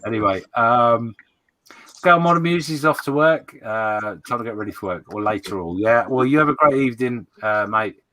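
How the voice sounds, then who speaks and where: Brief: male stream host, clear bright tone, easygoing, reads out viewer comments and laughs often. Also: mid-range voice, normal speed. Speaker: livestream host. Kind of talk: casual livestream chat.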